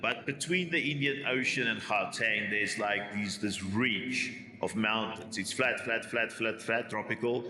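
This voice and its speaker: A bearded man in his forties from South Africa's East Rand with a rough Afrikaans accent, first reading a script and then rambling casually with many asides. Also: fairly low pitch, a little slow, hardly any pauses, sharp tone, echoey room, big-room sound, a little hiss or hum. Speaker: YouTube commentator.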